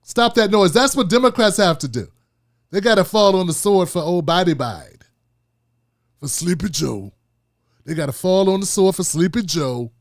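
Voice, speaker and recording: A man hosting a political commentary show, talking in an animated, casual and repetitive way. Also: sits high, normal speed. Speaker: host.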